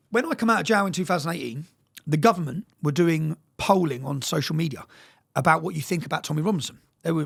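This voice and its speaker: A man's voice: a little high, creaky, husky. A man telling his story in an interview, emphatic and swearing often, checking in with his listener as he goes. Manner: emphatic and profane, keeps checking in with "yeah?". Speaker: interview guest.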